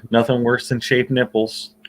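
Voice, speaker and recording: A man's voice: mid-range voice, flat delivery, normal speed. Man trading teasing crude jabs. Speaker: podcast co-host. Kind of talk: casual podcast chat.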